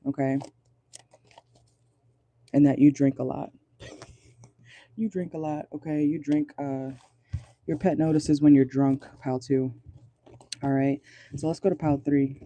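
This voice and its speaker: A man's voice: a little high, dark tone, no echo. A man giving a casual pick-a-card tarot reading in a car, chatty and amused, laughing often. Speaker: tarot reader.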